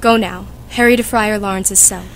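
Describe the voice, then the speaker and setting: A woman's voice: medium pitch, fairly even intonation, a bit bright, natural voice. A woman playing a fussy, chatty old nurse who complains and teases, reading for a school audiobook. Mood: fussing. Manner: complaining, teasing, drawn-out.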